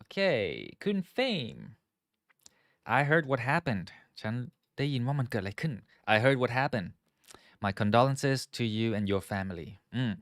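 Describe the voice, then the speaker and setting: A man's voice: mid-range voice, big pitch swings, very fast, a bit bright, dry recording, clean studio sound. A man hosting a live online English lesson, reading out student comments, praising them and giving corrections. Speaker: English teacher.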